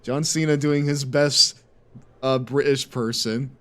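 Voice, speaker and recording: A male streamer excitedly joking and reacting to a wrestling game while talking to his chat. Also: medium pitch, slow. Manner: excitable, jokey, talks to chat. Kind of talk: casual game stream commentary.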